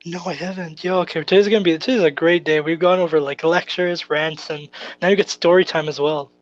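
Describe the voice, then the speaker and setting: A man's voice: on the high side, steady tone, fairly quick, no room sound, muffled recording. A young man from Canada co-hosting a podcast, chatting casually and telling a rambling, swear-filled story. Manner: rambling, swears often, laughs through stories. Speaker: podcast co-host.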